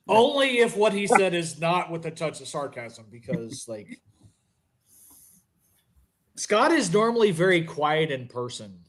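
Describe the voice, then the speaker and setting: A man's voice: on the high side, very animated, a little slow, pauses often, crowd noise. Teasing man in a podcast chat. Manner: teasing, mock-pleading. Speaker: podcast co-host. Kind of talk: casual chat.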